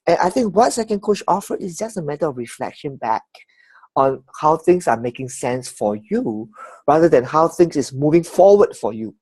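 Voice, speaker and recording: Female facilitator on a video call, animated and affirming; low-ish voice, very expressive pitch. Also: moderate pace, breathy edge, no echo. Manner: animated, affirming, laughs often. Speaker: coaching course facilitator. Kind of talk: leading a group feedback discussion.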